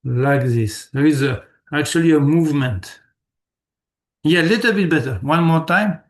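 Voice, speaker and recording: Male meditation teacher, gravelly and slightly high voice, patient coaching with lots of repetition. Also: moderate pace. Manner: patient, repeats words, checks students often. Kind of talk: live online class instruction.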